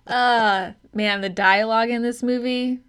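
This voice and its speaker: A woman's voice: fairly high pitch, fairly bright tone, smooth. A woman co-hosting a podcast, talking frankly and casually about a movie and swearing freely. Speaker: podcast co-host. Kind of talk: casual movie-review chat.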